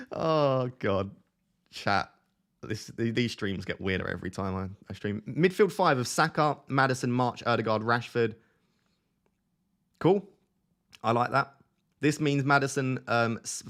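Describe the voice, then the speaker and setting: Young guy streaming, chatty and self-mocking, mid-pitch voice. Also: fairly bright tone. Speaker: fantasy football streamer. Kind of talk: casual live-stream chat.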